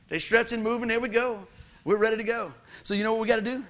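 A man preaching a lively sermon, calling out questions to the congregation and repeating his key phrases. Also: sits high, quick pace.

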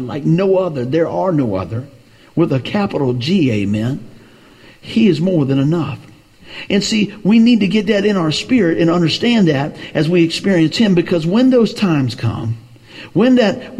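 A male preacher delivers a sermon in a husky, slightly breathy voice that sits a little high for a man. He is emphatic and repeats himself for weight, dropping in amens as he goes. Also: dark tone.

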